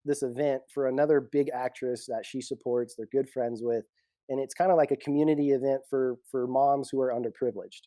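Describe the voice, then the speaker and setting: Male security pro, casual storyteller, mellow voice, dry sound. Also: medium pitch, fairly quick, no echo. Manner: animated storyteller, laughs often. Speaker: executive protection guest.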